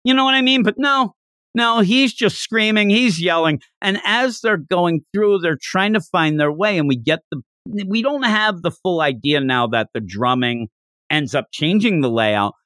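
A man's voice: high-pitched, animated, moderate pace, sharp tone, no echo, clean studio sound. A man hosting a podcast, chatting casually as he recaps a manga chapter and laughs while acting out the characters' lines. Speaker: podcast host.

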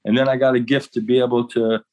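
A man's voice: medium pitch, flat delivery, quick pace, darkish tone. A man talking earnestly as an interview guest, often repeating words as he speaks. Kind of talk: casual interview talk.

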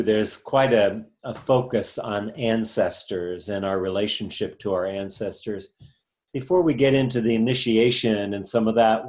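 A man interviewing a guest, asking calm, probing questions. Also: fairly low pitch.

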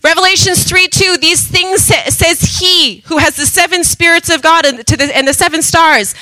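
Woman preacher, passionate sermon, loud calls and quiet asides, dry close sound. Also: extremely high pitch, moderate pace, dry recording, low-quality recording. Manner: impassioned, swings between loud emphatic calls and soft asides.

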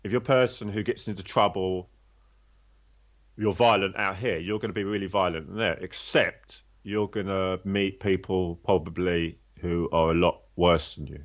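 A man's voice: low-pitched, steady tone, normal speed, muffled recording. A man telling his own story in a candid, conversational way, blunt and swearing freely, rambling with restarts.

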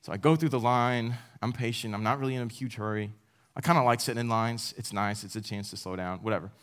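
A young man gives a talk to a room of college students. His style is relaxed and conversational. He teases himself as he makes his points and laughs along with his own stories. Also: medium pitch, quick pace, smooth. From United States. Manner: casual, self-deprecating, with laughs. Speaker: campus speaker.

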